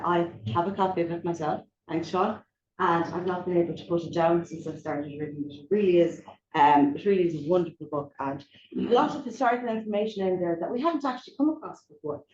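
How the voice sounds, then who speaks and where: A woman with a lowish voice opens an evening event and welcomes the speaker. She hesitates often and fills the gaps with ums. The sound is dull and echoey, as in a hall. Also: brisk, darkish tone. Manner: hesitant, filler-heavy. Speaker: event host. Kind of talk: introducing a speaker. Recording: echoey room, dull mic.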